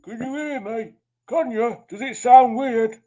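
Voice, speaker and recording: A man with a Yorkshire accent doing a put-on voice of a ponderous grown man greeting the chat, drawn out and loud. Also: extremely high pitch, a little slow, lo-fi sound, slight background noise, voice pushed up. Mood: questioning.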